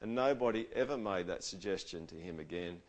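A man preaching a conversational sermon, casual and animated, asking his audience questions. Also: sits low, a little fast.

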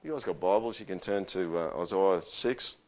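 Male pastor, casual conversational sermon, animated in quotes. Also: low-pitched, moderate pace. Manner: conversational, animated when quoting.

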